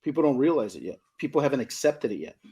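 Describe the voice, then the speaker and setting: Middle-aged guy, husky voice, hammering home points, casual podcast chat. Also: mid-range voice, very animated, quick pace, dark tone. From Southern California. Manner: emphatic, repeats points, asks "you know what I mean?". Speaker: card shop owner, guest.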